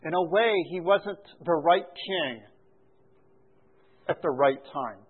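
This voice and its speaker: A man preaching a sermon, teaching through scripture verses slowly and deliberately, building emphasis on repeated refrains. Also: on the high side, lively intonation, slightly rough. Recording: phone-like narrow sound.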